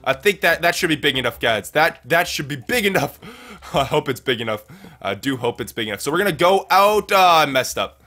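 On the high side, animated and a little fast, his bright, forceful voice drives a gaming livestream. The host chats energetically with viewers as he plays, repeating himself and calling them guys and dudes.

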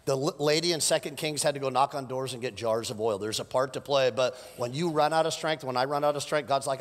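A middle-aged man preaching a sermon as pastor, animated and joking with the congregation. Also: on the high side, fairly quick, few pauses. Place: church sanctuary. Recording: live church sermon with long reverb.

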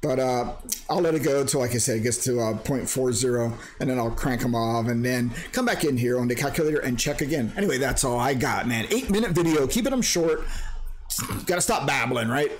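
A man's voice: medium pitch, expressive, fairly quick, a little hiss or hum. A man in a casual, rambling screen-share vlog about crypto mining who jokes around and breaks into silly sing-song bits.

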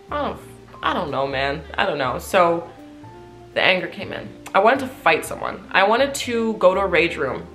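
A woman in her late twenties telling a personal story to camera in a casual, chatty way, full of "like" fillers. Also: lowish voice. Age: late 20s. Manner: chatty, animated, frequent "like" fillers. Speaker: vlogger.

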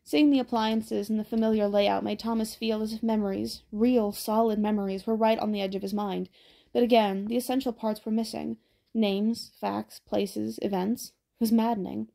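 A woman narrating an audiobook in a steady, even storytelling manner. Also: mid-range voice, moderate pace, vocal fry.

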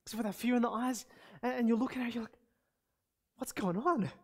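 A man's voice: very high voice, flat delivery, rapid-fire, a little mellow. Name: none. Role: earnest male pastor preaching. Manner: earnest, exclamatory, addresses congregation directly. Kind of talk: sermon.

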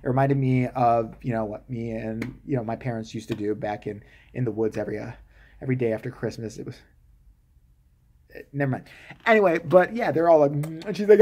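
A man's voice: medium pitch, fairly even intonation, fairly quick, a little mellow. A man giving a comedic, sarcastic movie-review rant, swearing freely and acting out the characters' lines.

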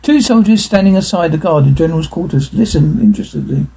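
A man reads a story aloud in a plain, steady way, now and then stumbling over a word. His voice is very husky and mellow, sitting a little high for a man. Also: fast, rough recording. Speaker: narrator. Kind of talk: audiobook reading.

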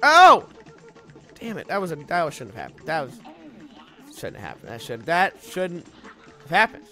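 A young man with a high-pitched voice talks his way through a video game in a casual, rambling commentary. He cracks jokes and suddenly yelps loudly when things go wrong, with faint game music underneath. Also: wildly swooping pitch, moderate pace. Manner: jokey, rambling, sudden loud outbursts at failures. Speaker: let's play host.

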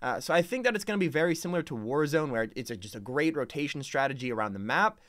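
A man doing live, excitable reaction commentary as a gaming streamer, chatting with his viewers. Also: a little high, fast, no room sound, clean studio sound. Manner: excitable, chatty, addresses chat.

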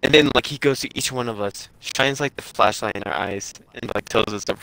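A man's voice: mid-range voice, a little fast, gravelly, sharp tone, no room sound, rough recording. A young man casually telling a long story on a live stream, rambling along with lots of filler "like"s. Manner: rambling, with many filler likes and chuckles.

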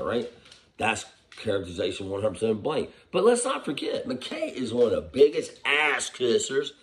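A man ranting about football, heated and profane, firing off rhetorical questions while hungover. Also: lowish voice. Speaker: football commentator. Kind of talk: profane sports rant.

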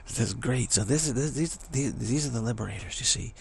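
A man's voice: medium pitch, a little fast, creaky, hardly any pauses, a little mellow, husky. A man giving a rambling, emphatic spiritual talk as a teacher, often dropping into whispers. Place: Bay Area, California.

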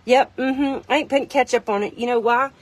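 A woman's voice: on the high side, steady tone, fairly quick, no room sound. A woman reviewing a kitchen gadget from inside her car, rambling and joking at her own expense as she talks to viewers. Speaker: product reviewer. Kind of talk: casual product review vlog.

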